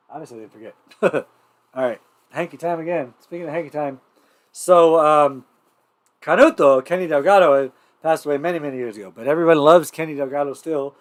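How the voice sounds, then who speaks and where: A man's voice: fairly high pitch, normal speed, pauses often. A man hosting a livestreamed variety show, talking casually and rambling through intros with lots of fillers and restarts. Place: home livestream setup.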